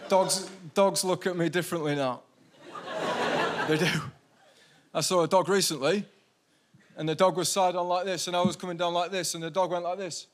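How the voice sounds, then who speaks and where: A male stand-up comedian telling a deadpan anecdote on stage. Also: high voice, normal speed, long pauses. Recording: loud background noise.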